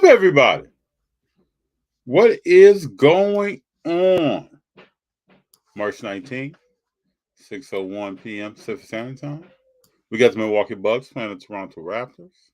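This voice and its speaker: A man's voice: mid-range voice, a bit bright. A man hosting a live sports and trading card podcast, chatting casually and greeting viewers by name. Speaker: podcast host. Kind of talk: casual live show chat.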